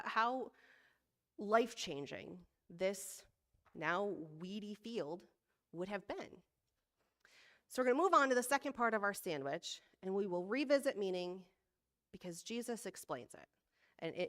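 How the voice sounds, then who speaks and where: Woman service leader preaching in a relaxed, chatty way, quick to laugh at herself, measured when reading scripture. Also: medium pitch. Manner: conversational, self-deprecating, laughs often. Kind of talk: sermon.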